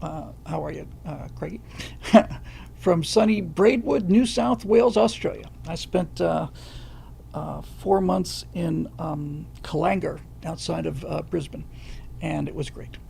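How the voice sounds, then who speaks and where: Man, middle-aged, livestream host, halting delivery full of ums, gravelly fry in the voice. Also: a little high, a little mellow, slight background noise. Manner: halting, many fillers and restarts, reads viewer comments aloud. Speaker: livestream host answering viewer questions. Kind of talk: casual livestream chat.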